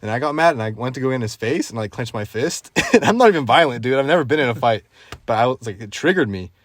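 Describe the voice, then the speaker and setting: A young man hosting a casual podcast, telling a story in an animated way and laughing often. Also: medium pitch, fast talker. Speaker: podcast host. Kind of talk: casual chat.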